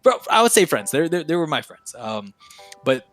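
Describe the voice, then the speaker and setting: A young man talks as a podcast guest, his voice bright and forceful. He tells stories in a loose, slangy way, swears freely and gets excitable as he goes. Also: fairly high pitch, moderate pace, soft background music. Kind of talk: casual storytelling.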